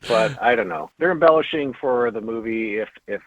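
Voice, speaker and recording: A man's voice: mid-range voice, fairly quick, no echo. Man, casual radio chat, joking, rambling, phone-line sound, dry. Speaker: radio co-host guest.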